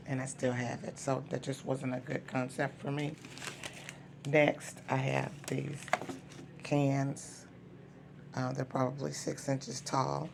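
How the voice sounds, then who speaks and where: A woman who has lost her voice, sounding hoarse and gruff as she casually shows her craft supplies, pausing often with "um". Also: a bass voice, noisy background. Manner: unhurried, many "um" fillers. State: hoarse, voice not yet recovered. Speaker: craft seller and vlogger. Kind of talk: casual show-and-tell.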